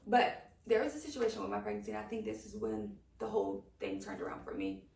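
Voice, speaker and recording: Chatty podcast co-host, gravelly voice, animated storyteller; echoey room, distant mic. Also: female voice, medium pitch, quick pace, slight background noise. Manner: animated storytelling, acts out quotes. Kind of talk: casual chat, personal story.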